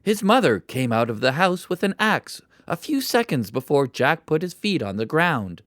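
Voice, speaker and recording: A narrator reading a children's story for English learners in a slow, deliberate and expressive way. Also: medium pitch, no room sound, studio quality.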